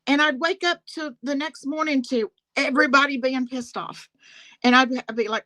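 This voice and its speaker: A woman's voice: high-pitched, a little fast, bright, forceful tone, no echo, low-quality recording. A woman on a live talk panel, telling a story in a casual, indignant rant and laughing often as she talks to the host.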